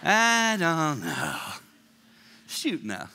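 A man in his sixties preaching a sermon, swinging from hushed tones to loud, emphatic lines. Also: on the high side, huge pitch swings, extremely slow, long reverb tail, a little hiss or hum. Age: 60s. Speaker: traveling preacher. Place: church hall.

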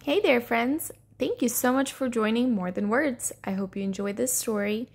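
A woman reading a children's storybook aloud in an expressive, storybook way. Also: on the high side, moderate pace, husky. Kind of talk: children's read-aloud narration.

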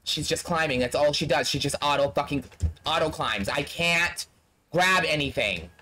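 High-voiced man playing a game. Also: normal speed, pushed and bright, a little hiss or hum. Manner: blunt, talks straight to the game characters. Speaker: gaming streamer. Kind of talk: casual let's-play commentary.

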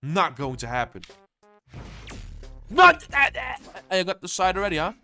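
Excitable young man yelling over gameplay. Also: on the high side, fast, faint music behind. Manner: excitable, swears constantly, yells at opponents. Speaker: gaming channel host. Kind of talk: live gameplay commentary.

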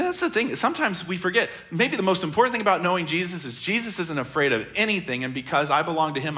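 Middle-aged American man, pastor, crisp bright tone, earnest conversational sermon, stage mic in a church. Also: mid-range voice. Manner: earnest, conversational preaching with soft drops and repetition. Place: large church auditorium.

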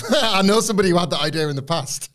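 A man's voice: sits high, lively intonation, quick pace, a bit bright. A British man in his thirties who co-hosts a podcast, chatting casually and riffing with loose, rambling jokes. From United Kingdom. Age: 30s. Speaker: podcast co-host. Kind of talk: casual chat.

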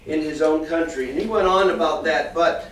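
A man teaching a children's church class, reading a Bible passage and then explaining it to the kids in a lively storytelling way. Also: on the high side, moderate pace. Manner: animated storyteller, reads scripture then talks directly to the kids. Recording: echoey room from far off, faint noise.

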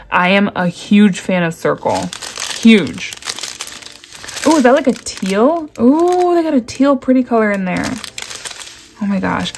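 A woman's voice: on the low side, a little hiss or hum. Gushing woman unboxing crafts. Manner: gushing, exclaims often, talks to viewers directly. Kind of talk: excited unboxing chat. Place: at a table indoors. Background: crinkling packaging.

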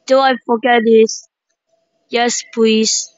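A woman giving excited gameplay commentary, shrieking exclamations and repeating herself. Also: on the high side, slow, clean tone, dry recording. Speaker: gaming commentator. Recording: dry, dull lo-fi mic.

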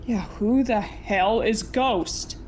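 A woman's voice: a little high, takes it slowly, darkish tone, slight background noise. A woman streaming live, snapping back defensively at people trolling her. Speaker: streamer being raided. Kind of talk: angry live stream rant.

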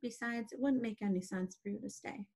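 A woman reading a calm, wise old spider. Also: fairly high pitch. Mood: firm. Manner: calm, measured, gentle. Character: wise, calm female spider, gentle and dying.

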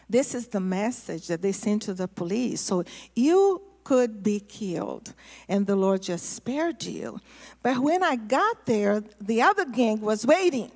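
A woman pastor telling a testimony in a sermon, storytelling in a lively way and repeating words for emphasis. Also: mid-range voice, unhurried. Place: church sanctuary. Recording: long hall reverb in a church.

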